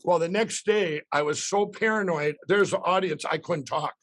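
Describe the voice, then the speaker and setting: Man in his sixties, high voice, excited rambling storyteller. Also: normal speed, no echo. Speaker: guest. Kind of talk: storytelling in a podcast interview.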